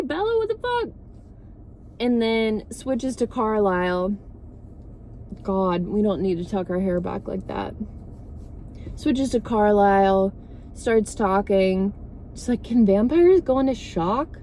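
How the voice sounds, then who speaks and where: A woman's voice: mid-range voice, dark tone, a little hiss or hum. A woman vlogger rambling through a sarcastic, swear-filled casual movie recap.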